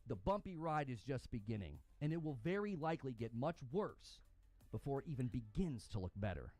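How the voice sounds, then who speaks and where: A man's voice: medium pitch, big pitch swings, fairly quick, a little mellow, faint music behind. A man delivering a heated, indignant opinion rant as a gaming commentator, openly angry and emphatic.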